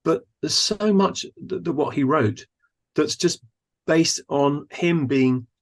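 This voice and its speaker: A man, a guest on a podcast, who talks thoughtfully and admiringly, often pausing to search for words. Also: fairly high pitch. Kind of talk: thoughtful conversational discussion.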